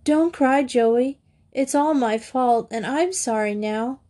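A woman reading a tired schoolgirl in a storybook, murmuring, apologetic, pitched high, slow. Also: mellow. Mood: remorseful. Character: drowsy, remorseful older schoolgirl.

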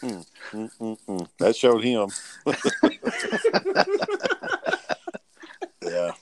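Chuckling man with lively pitch. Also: extremely slow, noisy background. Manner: laid-back, chuckling, profane. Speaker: guest telling his side. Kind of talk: casual chat.

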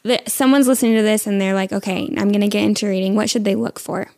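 A woman's voice: mid-range voice, steady tone, fast, darkish tone. A woman in her thirties hosting a podcast, chatty and curious, asking questions in casual conversation. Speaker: podcast host.

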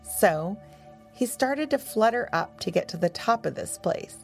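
Woman narrator for a children's story: gentle, expressive, unhurried, slight fry. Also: mid-range voice, faint music behind.

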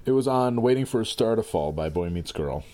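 A man's voice: fairly low pitch, expressive, a little fast, crowd noise. A man co-hosting a podcast, riffing and joking in casual chat. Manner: jokey, riffing, rambling. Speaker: podcast co-host.

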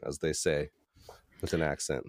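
A man's voice: little pitch movement, normal speed, dry recording. A young man co-hosting a podcast in casual chat, telling stories with laughs and putting on voices for the people he quotes. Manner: laughing storyteller, acts out quotes in higher voices. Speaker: podcast co-host.

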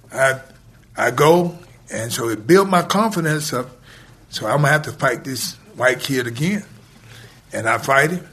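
Husky man telling a story. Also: medium pitch. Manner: animated, retells scenes with quoted dialogue, laughs between lines; colloquial grammar, drawn-out pauses. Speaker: guest telling a life story. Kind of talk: casual storytelling.

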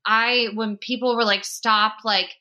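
This podcast host is a young woman with a medium-pitched, bright and forceful voice at a normal speed. Her talk is chatty and loose, packed with "like" and frequent laughter, and the sound is lo-fi.

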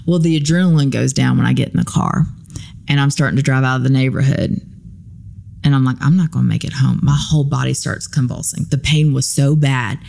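A woman guesting on a podcast tells a story casually, acting out the lines of the people in it with many ums and likes. Her voice is rumbling low and gravelly, and she speaks briskly.

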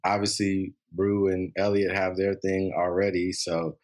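A man's voice: low-pitched, monotone, measured pace, a little mellow. A man co-hosting a podcast, chatting casually and rambling with many fillers about a TV show. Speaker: podcast co-host.

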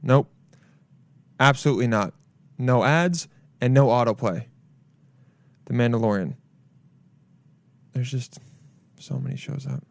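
A man's voice: mid-range voice, unhurried, vocal fry, pauses often, no echo. Rambling, jokey young man podcasting alone. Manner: rambling, loud, jokey, swears a lot. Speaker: podcast host. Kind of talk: solo podcast rant. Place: apartment. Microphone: camera mic.

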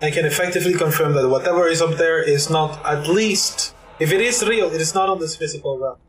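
Slightly high-voiced man at a game table. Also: fairly quick, low-quality recording. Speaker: player. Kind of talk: casual tabletop play.

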